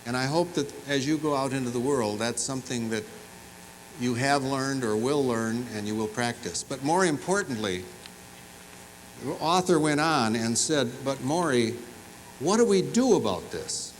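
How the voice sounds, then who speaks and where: Speaking at a moderate pace, this commencement speaker has a medium-pitched male voice and delivers humorous, animated stories in a big university fieldhouse, poking fun at the audience along the way. The audio quality is poor, carrying some hiss or hum.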